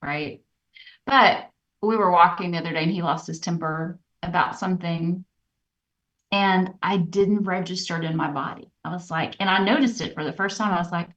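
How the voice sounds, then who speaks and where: A woman co-hosting a podcast, telling personal stories in an earnest, reflective way that turns animated. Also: lowish voice, fairly quick. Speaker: podcast co-host. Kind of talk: candid personal storytelling. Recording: dull, slightly distant podcast audio.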